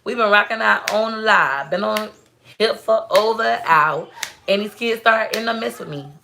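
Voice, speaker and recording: Chatty woman with a gravelly edge. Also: medium pitch, normal speed, sharp tone, slight background noise. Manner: chatty, storytelling, talks straight to viewers. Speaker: livestream host. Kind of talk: casual live-stream chat.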